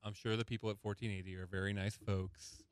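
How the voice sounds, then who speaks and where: A low-pitched male voice, close and dry in a studio. He is a podcast guest who speaks haltingly, stammering through restarts. His humor is dry and offhand. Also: flat delivery, smooth, no echo. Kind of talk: casual podcast chat.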